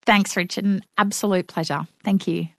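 A woman's voice: medium pitch, steady tone, moderate pace, fairly bright tone. Frank, wry woman telling stories. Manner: frank, wry storytelling with acted-out quotes. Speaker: interview guest. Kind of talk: conversational interview.

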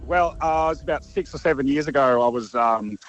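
A man's voice: medium pitch, fast talker, no echo, dull audio, soft background music. A man calling in to tell a story, laid-back and easily amused. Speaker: caller. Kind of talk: caller telling a story.

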